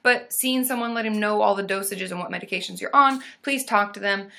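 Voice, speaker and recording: A young woman therapist answering viewer questions on a casual live stream, chatty and warm, with sudden loud whooping between answers. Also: mid-range voice, brisk, gravelly. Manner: chatty, reads viewer comments aloud, bursts into loud monkey whoops.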